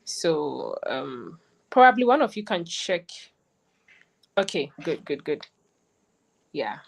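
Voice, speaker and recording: A woman, a lead coach, hosting an online graduation ceremony on a livestream, chatty and excited, often repeating herself. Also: fairly low pitch, vocal fry. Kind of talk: live-streamed ceremony hosting.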